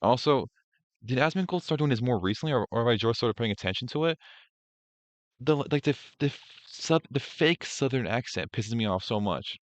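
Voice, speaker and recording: A man's voice: medium pitch, animated, a little fast, no echo. Blunt, ranting male streamer. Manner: blunt, profane ranting with restarts. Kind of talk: casual reaction commentary.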